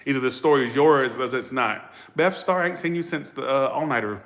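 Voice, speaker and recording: A man's voice: medium pitch, fairly quick, fairly bright tone. A man reads tarot cards in a loose livestream style. He is outspoken and foul-mouthed, and he talks straight to his viewers. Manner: blunt, profane and outspoken. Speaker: tarot reader. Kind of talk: casual livestream tarot reading.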